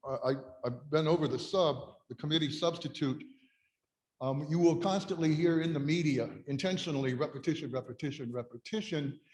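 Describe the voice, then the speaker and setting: A man heading an advocacy group, giving pointed, sarcastic testimony to a legislative committee. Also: mid-range voice. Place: hearing room. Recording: echoey hall with long reverb.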